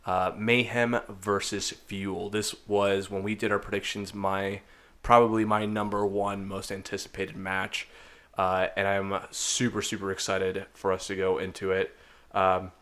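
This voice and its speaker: A man hosting a casual esports chat, relaxed and chatty with lots of fillers. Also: sits low, measured pace. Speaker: podcast host.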